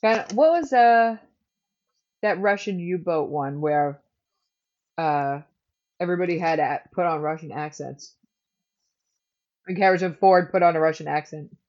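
A woman's voice: fairly low pitch, a little slow, long pauses, darkish tone. A woman co-hosting a podcast, chatting casually and joking as she recaps an episode. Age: adult. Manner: chatty and joking, laughs often. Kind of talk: casual chat. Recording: dull lo-fi recording.

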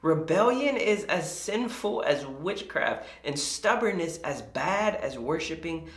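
A pastor preaching a sermon, retelling scripture in a conversational, animated way with casual asides. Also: mid-range voice, slow, reverberant.

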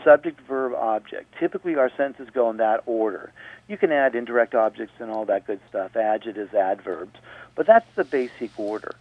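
Man teaching on phone-like radio. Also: a little high. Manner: explanatory, repeats points patiently. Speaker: radio host. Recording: dry, phone-like radio audio.

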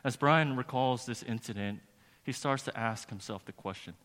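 A man's voice: mid-range voice, normal speed, a bit bright. A male pastor preaching a sermon, telling a story earnestly and building to emphatic preaching. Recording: long reverb of a large hall.

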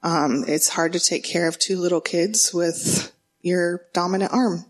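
A young woman with a lowish voice speaks to her church group. She talks earnestly, with a little hesitation. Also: steady tone, a little slow.

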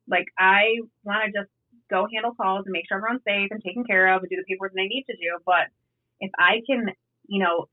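Laid-back woman cop on a tinny line. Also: mid-range voice. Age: 30s. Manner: laid-back, storytelling, swears casually. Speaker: police officer guest. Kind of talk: casual podcast chat.

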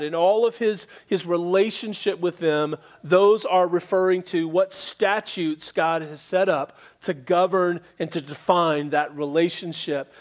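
High-voiced pastor teaching a sermon. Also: male voice. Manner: earnest teaching with emphatic repetition.

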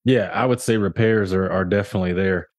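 A young adult man co-hosting a casual podcast, telling work stories with lively mimicry of the people involved. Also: low voice, fairly quick, no room sound. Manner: animated storyteller, often mimics others with a raised voice. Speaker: podcast co-host, real estate agent.

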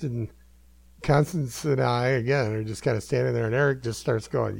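A man's voice: medium pitch, takes it slowly, gravelly, long pauses, a little mellow, dry recording. A man hosting a podcast, telling a story in a rambling, self-amused way with many fillers. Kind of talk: casual storytelling.

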